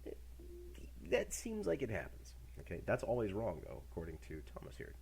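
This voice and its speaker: A man's voice: on the low side, huge pitch swings, brisk, creaky, a little mellow, a little hiss or hum. A middle-aged man giving a university lecture in a casual, jokey way, acting out examples as he goes.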